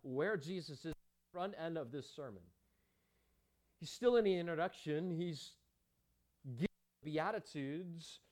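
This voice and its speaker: A man's voice: fairly high pitch, unhurried, long pauses, darkish tone. A man preaching a sermon as pastor, emphatic, with rhetorical questions and chatty asides to the congregation.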